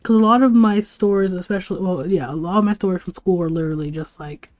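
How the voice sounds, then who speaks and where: A woman's voice: fairly low pitch, steady tone, fast talker, highs cut off, soft background music. Rambling young woman telling school stories. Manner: rambling, laughing, lots of "like" and "bro". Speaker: livestreamer. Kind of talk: casual storytelling to a live chat.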